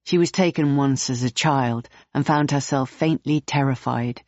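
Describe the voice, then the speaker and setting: A woman reads a novel aloud in the third person, steady and clear. The recording sounds dull and muffled, with no room echo. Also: extremely low pitch, moderate pace. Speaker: audiobook narrator. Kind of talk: third-person audiobook narration.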